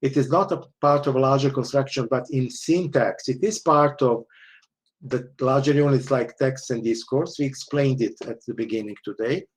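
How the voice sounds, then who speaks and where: This man, a university lecturer, speaks at medium pitch and a moderate pace during an online lecture. His delivery is explanatory, with restarts and constant "okay?" checks.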